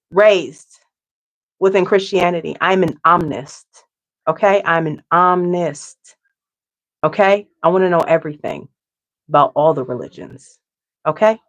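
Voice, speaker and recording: A woman giving a casual tarot reading to her viewers, chatty and repetitive, often asking "okay?". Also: medium pitch. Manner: chatty, tags lines with "okay?", repeats herself. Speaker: tarot reader.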